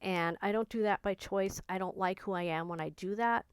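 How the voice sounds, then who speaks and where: A woman speaks earnestly in a personal vlog, candid and reflective about her own reactions. Her voice is smooth and clear, recorded close and dry with no room around it. She talks in an even, unhurried way, like someone thinking out loud. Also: mid-range voice, no room sound, low-quality recording. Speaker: vlogger.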